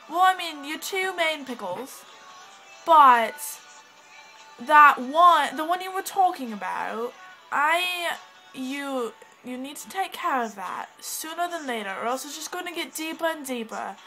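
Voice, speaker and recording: High bright bubbly woman in a put-on English accent. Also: expressive, measured pace, faint music behind, low-quality recording. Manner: bubbly, scattered, giggly, self-interrupting. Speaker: vlogger. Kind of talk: rambling casual vlog talk. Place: at home indoors, with a cat.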